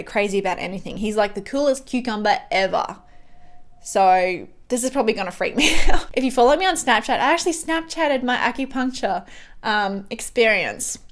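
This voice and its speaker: A young woman chatting at home while doing her makeup, rambling with fillers and restarts as she gives a life update. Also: mid-range voice. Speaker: beauty vlogger. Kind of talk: chatty get-ready-with-me update.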